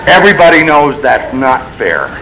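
Bright-voiced man telling his recovery story. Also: on the high side, sing-song, normal speed, gravelly, a little hiss or hum, low-quality recording. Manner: storytelling, blunt and self-mocking, swings between wry and exasperated. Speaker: AA speaker sharing his story. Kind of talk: recovery meeting talk. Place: meeting room.

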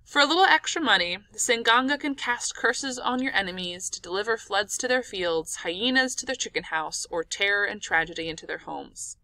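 A woman narrating an audiobook in an expressive, dramatic storytelling manner. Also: mid-range voice, a little fast, hardly any pauses, dry recording.

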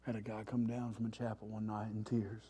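At a church recovery revival, a man delivers a sermon-style testimony in slangy street talk, animatedly acting out the panic he once felt. His voice is lowish, slightly rough, and fast.

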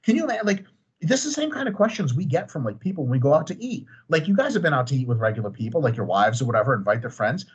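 Podcast guest, thirties, male: husky, very expressive, swearing freely. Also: on the high side, rapid-fire, muffled recording. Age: 30s. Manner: animated, profane, ranting with humor. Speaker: podcast guest, training expert. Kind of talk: casual chat.

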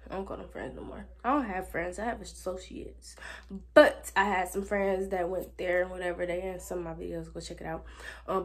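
A teenage girl, telling a school story to her viewers in a sassy, animated way. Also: mid-range voice. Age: teens. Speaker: vlogger. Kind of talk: casual storytime vlog.

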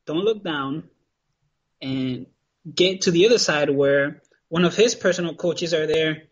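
A man, a podcast guest, telling a story in casual conversation, animated and laughing easily. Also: a little high, a little slow. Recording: muffled lo-fi audio.

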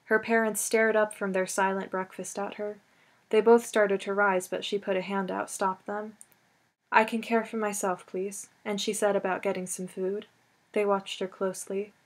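A woman reading a novel aloud as an audiobook, in measured, steady storytelling narration. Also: medium pitch. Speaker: audiobook reader. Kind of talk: scripted narration.

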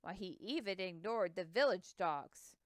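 A woman voicing a proud, excitable male expedition captain whose words tumble out in indignant bursts, in a storybook reading. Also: lowish voice, unhurried, no room sound, clean studio sound.

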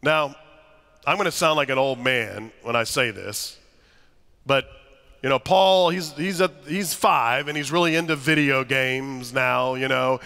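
A man preaching a sermon as pastor, telling stories with humor and lively asides to his congregation. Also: mid-range voice, unhurried, creaky. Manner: animated, humorous storytelling to a congregation. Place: church sanctuary. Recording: long church reverb.

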